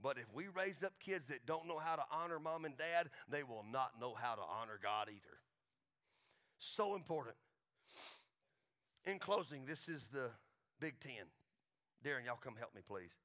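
A man with a Texas accent preaching a folksy sermon as pastor, building to excited crescendos and closing in prayer. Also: medium pitch, normal speed, long pauses.

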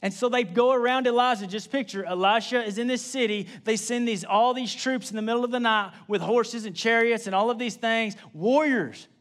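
This young adult pastor preaches in a casual, conversational way, repeating key phrases and tossing in quick asides. His voice is very high-pitched and a bit bright.

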